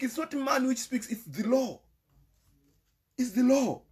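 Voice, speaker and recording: Husky, high-pitched Zimbabwean male commentator, emphatic, repeats his points. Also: animated, unhurried, a little mellow. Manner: emphatic and repetitive, mixing English with Shona. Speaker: political commentator. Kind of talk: impassioned political commentary.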